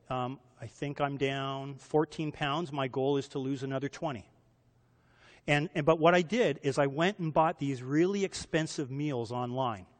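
A man preaching in a relaxed, conversational sermon. His voice sits a bit high for a man and rings out with the long reverb of a big hall. He keeps asking his listeners questions. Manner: conversational, asks the audience rhetorical questions. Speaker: pastor.

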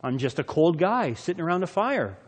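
A nervous, defensive man stammers and waves off the accusations, his voice jumping higher as he protests, as a preacher puts him on. The sound has a long echo, like in a church hall. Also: big pitch swings, a little fast. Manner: stammering and dismissive. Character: flustered defensive man denying his friend.

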